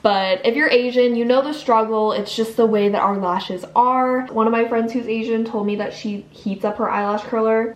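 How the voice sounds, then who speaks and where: A young woman chatting casually and playfully through her vlog, from home and then outside on errands. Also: mid-range voice. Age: young adult. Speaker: vlogger.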